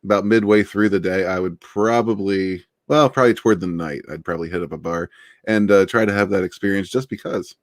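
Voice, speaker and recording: A man's voice: low-pitched, fairly even intonation, fairly quick, no room sound, studio quality. A man being interviewed on a casual livestream, laid-back and rambling, laughing often. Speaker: interviewed author.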